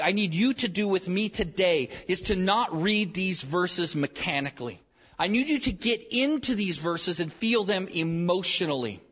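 A man's voice: high voice, breathy edge. A man in his thirties preaching a sermon as pastor, earnest and repeating phrases for emphasis. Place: large church sanctuary. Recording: reverberant hall, dull lo-fi sound.

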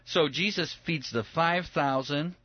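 A man's voice: fairly high pitch, measured pace, dry recording, highs cut off. A man in a casual Bible discussion, talking animatedly and acting out the voices of the people in the stories. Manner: animated, acts out voices of biblical figures. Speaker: Bible study podcast co-host.

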